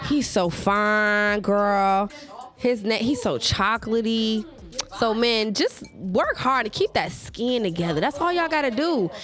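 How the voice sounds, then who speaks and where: Guest, woman, radio personality, gushing and playful, high voice. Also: expressive, a little slow, fairly bright tone. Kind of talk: casual interview chat.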